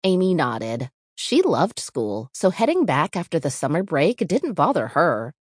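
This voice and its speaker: A woman reads a spooky storybook aloud in a low, unhurried voice. Her pitch rises and falls freely as she paces each line, and the dry, close recording has no room sound at all. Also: no room sound. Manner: measured, expressive reading with character voices. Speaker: audiobook narrator. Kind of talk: scripted storybook narration.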